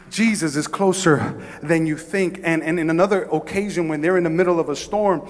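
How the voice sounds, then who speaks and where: A man preaching a sermon as pastor. He swings from hushed, slow passages to shouted pleading, often repeating phrases and stammering on restarts. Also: on the high side, long reverb tail.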